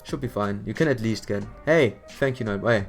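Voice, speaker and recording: A man's voice: lowish voice, moderate pace, faint music behind. A man streaming a game, chatting casually in a rambling way, repeating words and laughing often. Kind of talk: casual live-stream chat.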